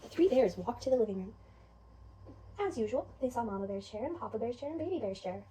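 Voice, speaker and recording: A woman teacher telling a children's story in an animated way, asking the children questions. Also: fairly high pitch, fast, recorded from a distance, a little hiss or hum, rough recording.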